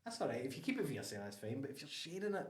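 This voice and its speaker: A man with an Ayrshire Scottish accent hosting a casual podcast chat, animated and laughing often. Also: mid-range voice, very fast, reverberant. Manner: animated, laughs often, restarts, Scots words like aye and wee. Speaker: podcast host.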